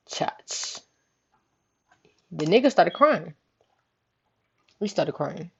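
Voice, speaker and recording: A young woman vlogger telling a story casually, animated, profane and full of slang, acting out the voices of the people in it. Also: on the low side, slow pace, creaky, pauses often, slightly rough. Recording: dull lo-fi recording.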